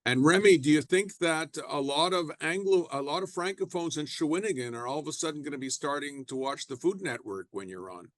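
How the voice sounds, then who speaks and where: A man's voice: fairly high pitch, fairly quick, few pauses, no room sound. A man hosting an interview, asking friendly questions that sometimes stumble. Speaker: podcast host.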